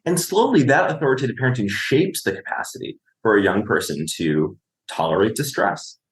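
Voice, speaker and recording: A man's voice: mid-range voice, expressive, fairly quick, reverberant. A man, a clinician and podcast guest, explaining parenting in conversation, often asking "right?" and acting out what a parent would say.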